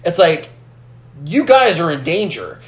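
A man in casual film discussion, animated, acting out movie lines as he retells scenes. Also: on the high side, measured pace, reverberant. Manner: animated, acts out movie lines in character voices.

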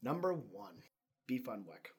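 A man's voice: medium pitch, big pitch swings, a little slow, husky. A man co-hosting a podcast in casual chat, rambling and laughing at himself. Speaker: podcast co-host.

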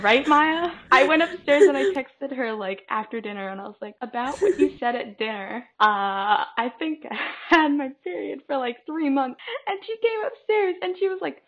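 A young woman co-hosting a podcast, telling stories in a chatty, casual way and filling her talk with "like". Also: a little high. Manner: chatty storytelling, lots of "like". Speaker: podcast co-host. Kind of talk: casual chat. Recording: dull lo-fi recording.

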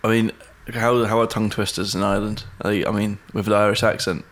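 A man's voice: fairly low pitch, level tone, quick pace. A young man hosting a podcast, making jokey asides in casual chat. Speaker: podcast host.

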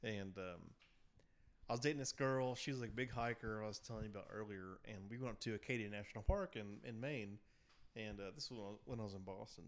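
A man's voice: fairly low pitch, brisk. A man co-hosting a podcast, chatting casually and rambling with many fillers and casual swearing. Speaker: podcast co-host. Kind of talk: casual chat.

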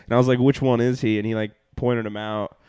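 A man's voice: mid-range voice, flat delivery, fast talker, a little mellow, clear, resonant tone, no room sound, studio quality. A young man, a comedian hosting a podcast, telling tour stories in casual chat, rambling with lots of fillers, laughs and swearing.

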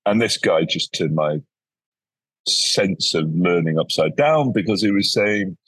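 A man tells stories as a guest in a relaxed interview. His voice is low and a bit husky. He acts out the people he quotes, and the recording is dry with little room sound. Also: measured pace, no room sound. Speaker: educator guest. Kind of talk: casual interview storytelling.

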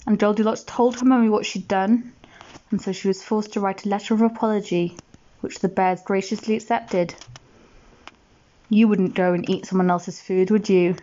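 A woman reading a bedtime story aloud, gentle and expressive, asking the listener questions. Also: medium pitch, normal speed, muffled recording.

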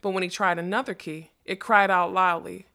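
Female audiobook narrator: fantasy reading, measured, expressive, slightly low pitch.

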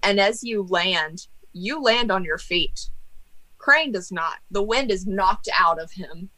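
A woman leads a tabletop game as game master, describing the scene with lively energy. Her voice has a bright, forward tone, and she talks casually, laughing and swearing now and then. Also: medium pitch, slow, rough recording.

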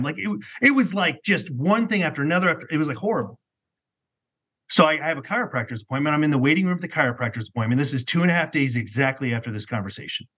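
A middle-aged man telling his personal story as a podcast guest, animated and rambling, peppered with "like". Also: fairly high pitch, fast, husky. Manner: animated, rambling, heavy use of "like". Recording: muffled lo-fi recording.

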